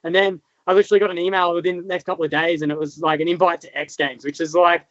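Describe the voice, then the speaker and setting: A man's voice: fairly high pitch, level tone, fast talker, a bit bright, no echo. An Australian man in his thirties, a motocross rider guest, telling his story in rambling casual talk with many fillers. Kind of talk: casual interview chat. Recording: dull, lo-fi sound.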